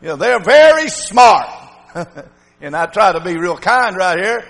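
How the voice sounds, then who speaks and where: An older man preaching an emphatic revival sermon, swinging from shouts to low muttering. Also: very animated, a little slow, long reverb tail, rough recording.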